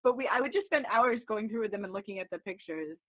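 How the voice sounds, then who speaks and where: A woman's voice: mid-range voice, animated, fast talker. A woman chatting on a video call, reacting with enthusiasm and giggles. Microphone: computer on a video call. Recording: thin phone-like call audio.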